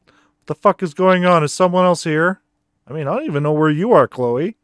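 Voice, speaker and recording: A man's voice: a little high, brisk, clear, resonant tone, no echo. Cursing man streaming a horror game. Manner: swears freely, reacts with startled exclamations. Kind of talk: casual live-stream commentary while playing a horror game.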